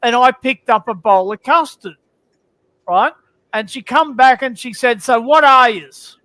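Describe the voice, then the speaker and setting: Guy with a really high bright voice botching a joke, dry close sound. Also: unhurried, no room sound, rough recording. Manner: stumbling, restarts his joke. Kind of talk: casual chat, joke telling.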